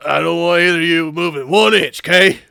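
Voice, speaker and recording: A man doing a gruff shouting detective. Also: on the high side, a little fast, no room sound, heavily acted. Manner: loud, shouty delivery. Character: gruff male police detective with a wobbly accent. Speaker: voice-over player.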